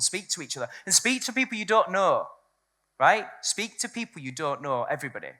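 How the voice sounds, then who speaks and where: Woman, seminar speaker, bright forceful tone, blunt, swears freely, live audience talk. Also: fairly low pitch, very animated, brisk. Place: event room with a live audience.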